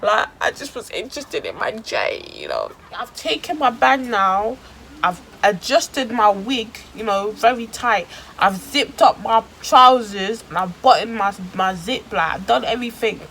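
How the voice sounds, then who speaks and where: A woman tells a story on her vlog, her voice sitting a little high. She talks in heavy street slang and plays up every twist for drama. A faint hum of room ambience sits under her voice. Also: sing-song, measured pace, gravelly, fairly bright tone, rough recording. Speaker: vlogger.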